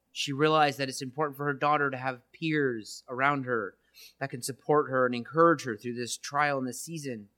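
A man's voice: medium pitch, sharp tone. A church minister preaching an earnest, reflective testimony, often checking in with his listeners with "right?". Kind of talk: sermon-style testimony.

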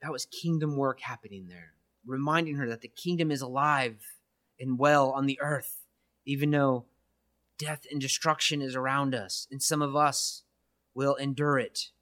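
A man's voice: medium pitch, moderate pace, a bit bright. A church minister preaching an earnest, reflective testimony, often checking in with his listeners with "right?". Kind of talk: sermon-style testimony.

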